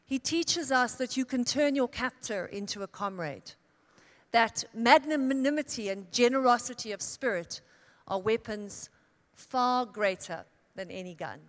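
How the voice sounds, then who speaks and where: A woman born in Italy giving a keynote speech as a dramatic storyteller, building her tale with emphatic pauses and swells. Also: on the high side. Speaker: keynote speaker. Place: large conference hall. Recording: long hall reverb.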